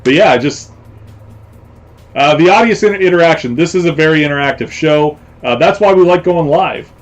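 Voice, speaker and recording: Rambling live-stream host, slightly muffled. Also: male voice, fairly high pitch, animated, moderate pace, soft background music. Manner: rambling with many fillers and repeated phrases. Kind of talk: casual live-stream chat.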